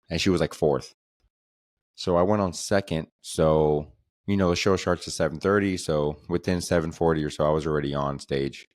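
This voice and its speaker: A man's voice: low voice, no echo, studio quality. A man hosting a comedy podcast, telling a rambling story in a profane, exasperated way.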